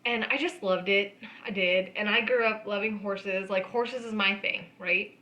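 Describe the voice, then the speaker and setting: A woman's voice: mid-range voice, fairly even intonation, measured pace, sharp tone, poor audio. A woman co-hosting a podcast, talking about her past in an earnest, reflective way. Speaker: podcast co-host. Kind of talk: casual chat.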